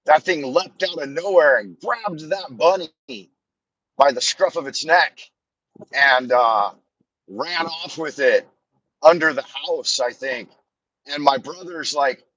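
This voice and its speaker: A man's voice: medium pitch, fairly bright tone, no room sound, highs cut off. Rambling man chatting from his car. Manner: meandering storytelling, self-deprecating humor. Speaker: live streamer. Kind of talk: rambling live stream chat. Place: car while driving. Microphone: phone on a camera mount.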